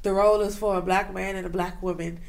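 A woman co-hosting a casual chat podcast, relaxed and level-headed as she calmly argues her side. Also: medium pitch, fast talker, vocal fry.

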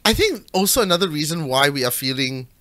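A man in a casual film chat, voice bright and a little high, opinionated and emphatic. The sound is dry and close. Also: very animated, fast talker, no echo.

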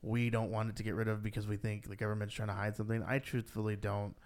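A man co-hosting a podcast, chatting casually and rambling with lots of "like", his voice rising when he gets worked up. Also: fast talker. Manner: rambling, heavy use of "like", rises in pitch when animated. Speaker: podcast co-host. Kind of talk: casual chat.

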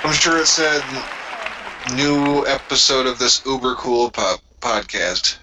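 A man's voice: medium pitch, animated, slow pace, sharp tone, a faint crowd, slight background noise, poor audio. A man co-hosting a wrestling podcast, ranting and joking with lots of swearing. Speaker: podcast co-host. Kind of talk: casual wrestling podcast chat.

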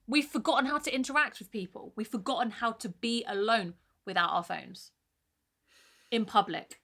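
Bright-voiced chatty woman podcaster. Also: on the high side, moderate pace. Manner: candid, chatty, swears casually. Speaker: podcast co-host. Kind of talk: casual chat.

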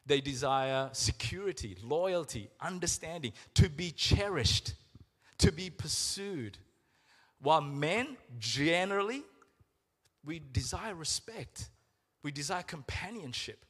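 A man's voice: on the high side, lively intonation, a bit bright. Earnest man preaching in a hall. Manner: earnest, emotional, slows for emphasis. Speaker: pastor. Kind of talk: sermon. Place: church. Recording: reverberant church hall with music.

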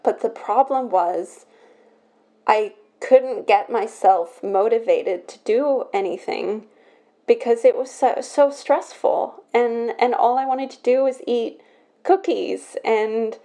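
A young woman on her own podcast, talking through something personal in an emotional, halting way, full of restarts. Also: a little high, dark tone. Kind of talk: personal confessional talk.

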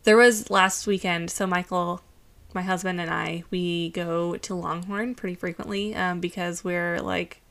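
A woman's voice: fairly low pitch, steady tone, a little slow, fairly bright tone. A young woman co-hosting a casual podcast, telling stories in a sarcastic, profane way. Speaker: podcast co-host.

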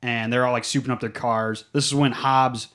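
A man's voice: medium pitch, steady tone, normal speed, a bit bright. Rambling man recapping a movie. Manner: rambling, fills with "like". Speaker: podcast co-host. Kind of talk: casual movie recap chat.

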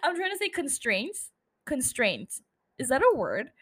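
A woman's voice: high voice, wildly swooping pitch, unhurried, fairly bright tone. A young woman hosting a casual solo podcast, rambling, swearing freely and laughing at herself. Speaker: podcast host.

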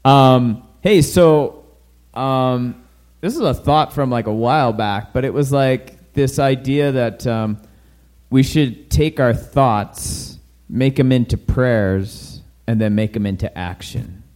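A male podcast co-host in casual chat, playful and sometimes trailing off quietly. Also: mid-range voice, slow.

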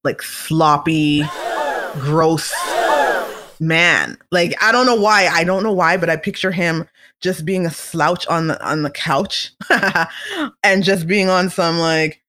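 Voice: mid-range voice, slow, sharp tone. A vlogger in a casual, chatty monologue, opinionated and playful, now and then slipping into comic voices. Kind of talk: casual celebrity gossip monologue.

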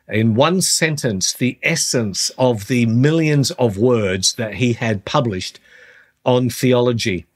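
A middle-aged man hosting a podcast, talking earnestly through a Bible teaching and slowing down on the points he wants to stress. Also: mid-range voice. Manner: earnest, slows down on key phrases. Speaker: podcast host, Christian teacher.

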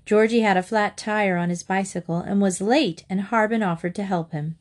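A brisk, exasperated mother hurries her children along, as a woman reading a storybook puts her on. Her words come sharp and quick, in a mid-pitched voice. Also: fairly even intonation, lightly acted.

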